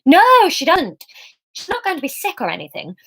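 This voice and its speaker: A woman's voice: fairly high pitch, animated, lightly acted. Woman doing a flustered, blunt young heroine. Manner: hurried, flustered.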